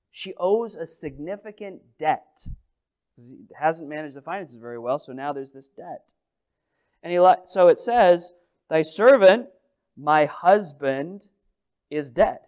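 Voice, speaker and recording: A male pastor delivers a sermon in a high, smooth and clear voice. He talks to the congregation in a conversational, humorous way. He swings between loud, emphatic phrases and quiet asides.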